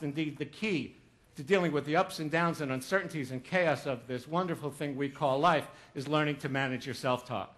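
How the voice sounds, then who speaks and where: A man gives a motivational talk from a stage, spinning a funny story with jokes. His voice sits a little high for a man. He acts out what others said as he goes. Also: animated, fairly quick, a bit bright. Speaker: motivational speaker. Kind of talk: humorous keynote talk.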